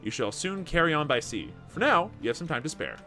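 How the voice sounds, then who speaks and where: A man hosting a gameplay video, reading the game's text aloud and commenting with excitement. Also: a little high, a little fast, faint music behind. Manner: animated, reads dialogue aloud with excitement.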